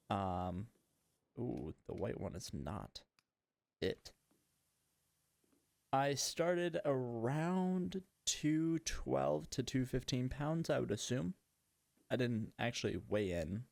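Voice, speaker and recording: A man's voice: medium pitch, gravelly, a little mellow, no echo. A man hosting a casual gaming podcast, chatting in a rambling, self-mocking way while he plays. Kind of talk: casual chat while playing a game.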